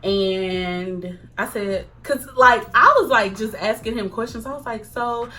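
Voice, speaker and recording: A young woman chatting casually to camera, animated, acting out quoted lines and laughing often. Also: mid-range voice, unhurried. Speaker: vlogger. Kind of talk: casual storytime chat.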